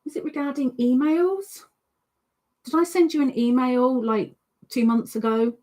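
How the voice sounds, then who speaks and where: A woman's voice: high-pitched, fairly even intonation, unhurried, warm tone. A woman hosting a casual live stream, reading chat messages aloud in a chatty, teasing way. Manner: chatty, teasing, playful sing-song asides. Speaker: livestream host reading chat.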